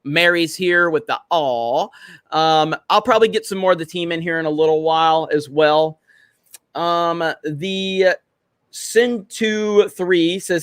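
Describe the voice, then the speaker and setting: Male streamer, fairly high voice, dry close sound, casual chat-reading host. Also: a little slow, fairly bright tone, no echo. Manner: reads viewer comments aloud, laughs often, swears freely. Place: home in Florida.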